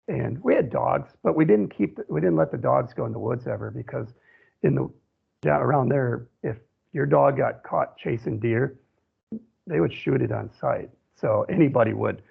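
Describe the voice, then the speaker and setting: Gravelly-voiced man on a phone line. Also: medium pitch. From central Wisconsin. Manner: rambling storytelling with frequent "you know". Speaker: radio show guest. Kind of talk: telling a personal story in an interview.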